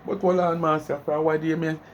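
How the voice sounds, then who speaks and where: A man's voice: on the high side, level tone, brisk, highs cut off, slight background noise. A man with a Jamaican accent giving chatty commentary on a clip in patois. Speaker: commentary host.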